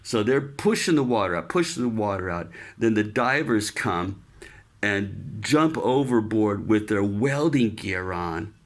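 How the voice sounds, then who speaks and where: A man telling a casual story about his Navy days, loose and relaxed, dropping in swear words and "man". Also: lowish voice, a little slow. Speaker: podcast storyteller, Navy veteran.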